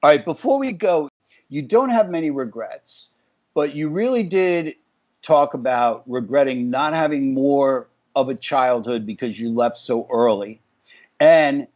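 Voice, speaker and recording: A man's voice: mid-range voice, a little mellow. Effusive male radio host, dull audio. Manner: effusive, halting with fillers. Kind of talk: interview conversation.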